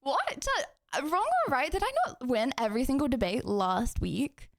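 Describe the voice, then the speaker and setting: A woman's voice: sits high, very animated, normal speed, creaky, noisy background. A young woman streaming live, chatting casually and bubbly with her viewers and hosting debates. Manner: chatty, bubbly, self-teasing.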